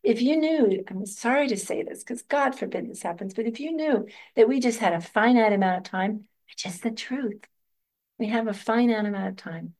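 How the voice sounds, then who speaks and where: Older woman, gentle reflective teacher. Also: fairly high pitch, normal speed. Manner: reflective, gentle, laughs often. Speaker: meditation teacher. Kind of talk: dharma talk answering questions.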